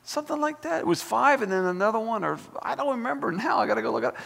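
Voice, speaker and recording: Fired-up preacher in an echoey hall. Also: male voice, very high-pitched, fast talker, creaky. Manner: fired-up, animated preaching with folksy asides and repetitions. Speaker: pastor. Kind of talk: sermon. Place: church sanctuary.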